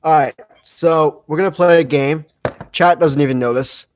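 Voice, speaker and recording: A man's voice: fairly high pitch, moderate pace, slight background noise, rough recording. Rambling young male podcast host. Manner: rambling, many fillers and restarts. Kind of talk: casual livestream podcast chat.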